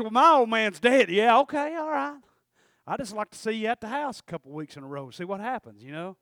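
A man's voice: high-pitched, animated, fairly quick, bright, forceful tone, dry recording, clean studio sound. A man preaching a sermon, folksy and fiery, often calling out "Amen?" to the congregation.

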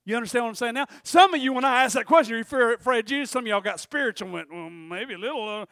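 A male pastor preaching a sermon, telling a story and swinging between loud and hushed. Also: extremely high pitch, racing, dry recording, studio quality.

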